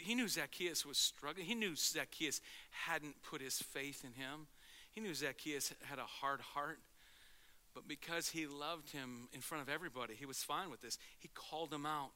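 A male pastor preaching a sermon in an animated way, swinging from loud to hushed and acting out quotes. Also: on the high side, normal speed.

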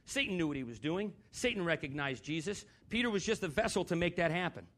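A man's voice: on the high side, lively intonation, fast, fairly bright tone. A man preaching a sermon in a church, talking conversationally, putting questions to the congregation and slipping in dry, sarcastic humor.

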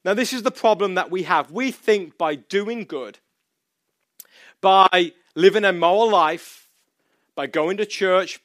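A man's voice: sits high, fairly bright tone, no echo, clean studio sound. A man from England preaching a sermon as pastor, conversational and storytelling, with emphatic repeated phrases.

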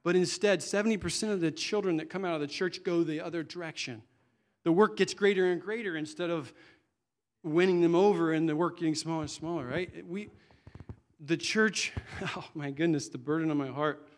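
A man's voice: a little high, fairly quick. A middle-aged man preaching a sermon in an earnest, conversational way, often restarting his sentences.

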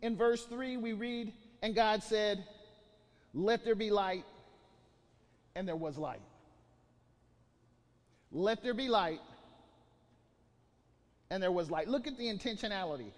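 Preacher, male, high voice, emphatic sermon delivery with restarts, long hall reverb. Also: takes it slowly, long pauses. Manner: preaching with rising emphatic bursts and many restarts. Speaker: pastor.

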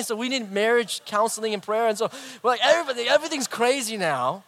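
A middle-aged man preaching a sermon, telling a personal story in an animated way and acting out the voices. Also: very high-pitched, fast talker, few pauses. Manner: animated, acts out voices, big swings in loudness. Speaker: pastor.

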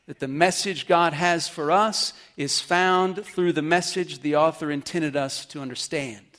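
A man's voice: a little high, unhurried, fairly bright tone. A man preaching a sermon, teaching earnestly and checking with his listeners. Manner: earnest teaching with questions to the congregation. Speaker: pastor. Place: church service.

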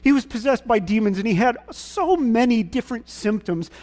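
Brief: male preacher, high-pitched voice, casual folksy sermon storytelling. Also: lively intonation, moderate pace, a little mellow. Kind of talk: sermon retelling a Gospel story.

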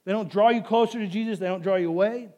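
High-voiced man preaching a sermon. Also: fast, darkish tone, highs cut off. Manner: emphatic, repetitive, rhetorical questions to the congregation. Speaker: pastor.

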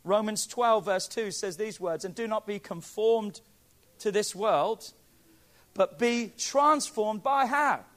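High-pitched guy preaching hard, pleading with the crowd, gets loud then drops quiet. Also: slow. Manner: emphatic preaching, rising to near shouts. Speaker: pastor. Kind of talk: sermon.

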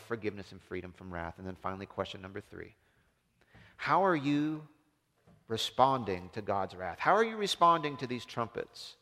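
A man preaching a sermon as a pastor, impassioned, swinging from loud emphasis down to hushed, low tones. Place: church. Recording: long reverb of a large hall.

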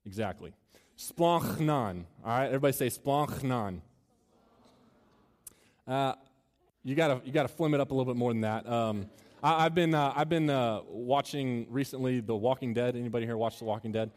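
A man's voice: medium pitch, moderate pace. A man preaching a sermon to students, joking and chatty at times and earnest at others. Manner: joking and conversational, then earnest and building. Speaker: campus minister. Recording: long reverb of a large hall.

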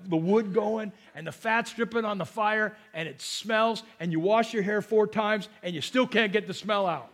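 A pastor with a strikingly high voice for a man delivers his sermon in a loose, talky way. He tosses in joking asides and stumbles over repeated words as he goes. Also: a bit bright.

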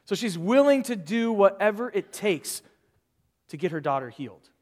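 A male pastor preaching a sermon in an animated way, acting out the voices of people in the story. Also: high voice, normal speed, in a large hall.

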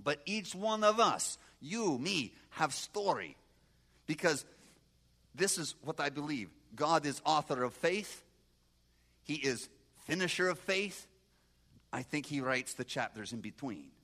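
A man in his sixties from Moldova with a Moldovan accent and broken English, giving an animated testimony sermon and talking back to his audience. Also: fairly high pitch, unhurried. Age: 60s. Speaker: guest preacher.

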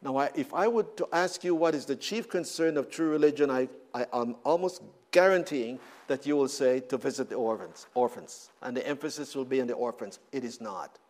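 A man's voice: medium pitch, fairly quick, hardly any pauses, a little mellow. A man preaching a sermon, repeating words and rising in emphatic bursts.

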